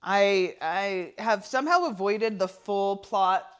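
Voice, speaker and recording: A woman from California co-hosting a podcast in casual chat, animated and chatty, laughing often. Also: mid-range voice, slow pace, smooth. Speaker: podcast co-host.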